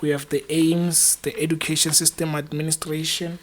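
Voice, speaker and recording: A man's voice: on the high side, level tone, normal speed, a little hiss or hum. A young man with a slightly raised voice gives casual exam-prep advice straight to his viewers. He sounds encouraging and chatty, wandering between points with plenty of "uh" and "um" along the way. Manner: chatty, encouraging, rambling with many fillers. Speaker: student exam-prep channel host.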